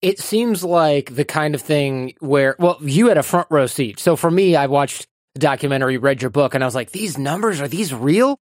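A male host asks his questions in a fairly high voice, reacting with empathy and working out his thoughts aloud. His voice sits close and dry, with no room sound. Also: normal speed, dry recording. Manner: reactive, empathetic, thinks aloud while asking. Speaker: podcast host. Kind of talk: conversational interview.

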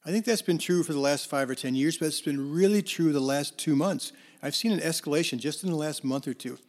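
A man with a fairly high voice tells teaching stories in an easy, conversational way. He drifts through "um" and "you know" and restarts his sentences as he goes. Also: brisk, a little mellow. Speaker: counselor. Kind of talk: storytelling talk on forgiveness.

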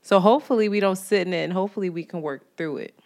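A woman co-hosting a podcast in casual chat, frank and full of quick asides. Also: mid-range voice, darkish tone. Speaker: podcast co-host.

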